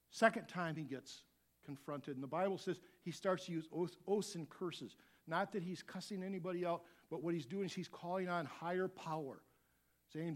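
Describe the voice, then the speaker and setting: A middle-aged male pastor preaching with a fairly high voice. He is animated, slipping into quiet asides and then building up to loud, forceful shouts. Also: moderate pace. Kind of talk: sermon.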